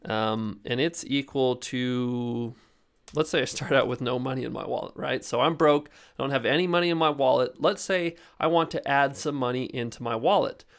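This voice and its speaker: A man's voice: mid-range voice, normal speed, gravelly, clear, resonant tone. A young man giving a casual coding lesson, talking loosely with lots of "like" and "you know" as he explains step by step. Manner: loose and chatty, heavy with fillers like "like" and "you know". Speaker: programming instructor.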